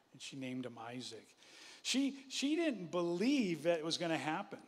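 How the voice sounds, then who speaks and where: A male pastor giving a lively, conversational sermon, often chuckling as he speaks. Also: on the high side, moderate pace. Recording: echoey hall.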